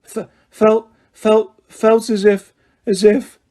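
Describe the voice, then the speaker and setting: A man doing a hoarse, stammering scared teen. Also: high voice, level tone, slow pace, mellow, voice pushed up. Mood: shaken. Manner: stammering, mumbling. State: hoarse, trembling. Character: shaken, spoiled big teenage boy.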